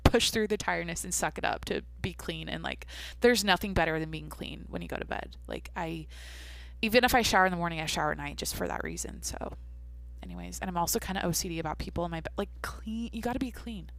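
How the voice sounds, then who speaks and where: A woman's voice: fairly low pitch, fast talker, creaky, no echo. Rambling woman on a dry podcast mic. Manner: rambling, swears casually, talks to herself. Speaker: podcast host. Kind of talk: casual solo podcast chat.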